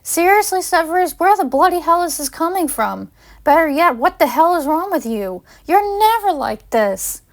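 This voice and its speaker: A woman's voice: on the high side, fairly quick, lightly acted. A woman reading the lines of a fiery, hurt young female student with heated, rising delivery. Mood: furious.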